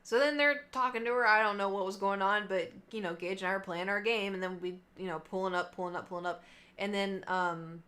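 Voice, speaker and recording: A woman's voice: mid-range voice, brisk. Chatty young woman streamer. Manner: chatty, animated quoting of others, many fillers. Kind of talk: casual storytelling to stream chat.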